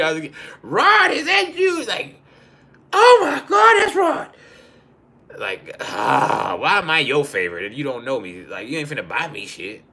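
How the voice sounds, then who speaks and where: A man hosting a live stream, telling rambling, profane comedic stories in an animated way. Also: a little high, slight background noise.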